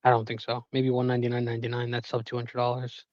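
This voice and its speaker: A man's voice: medium pitch, completely flat delivery, fast talker, a little mellow, dry recording. Joking podcast guy, dry dull sound. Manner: joking, laughs and swears while telling stories. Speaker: podcast co-host. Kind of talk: casual chat.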